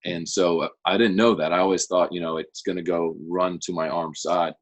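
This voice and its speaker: A young man, a pro baseball pitcher, chatting as a guest in a relaxed, rambling way full of fillers. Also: brisk. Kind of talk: casual interview chat.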